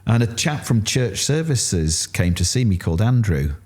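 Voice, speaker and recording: A middle-aged man with a Yorkshire accent, telling his story candidly in an interview and acting out what others said. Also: moderate pace. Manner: animated, acts out quotes with rising pitch. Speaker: interview guest.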